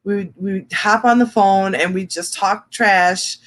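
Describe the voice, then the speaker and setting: A woman co-hosting a casual podcast, telling personal stories frankly in a rambling, animated way. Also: mid-range voice, a little slow. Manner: frank storyteller, rambling, animated when quoting. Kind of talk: casual chat.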